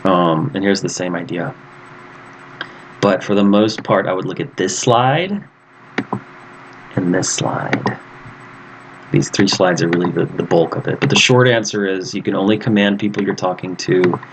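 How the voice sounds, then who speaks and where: A lower-voiced man gives a relaxed lesson over slides. He talks casually and acts out little example phrases. A faint hiss sits under the recording. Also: moderate pace, pauses often. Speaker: Spanish teacher.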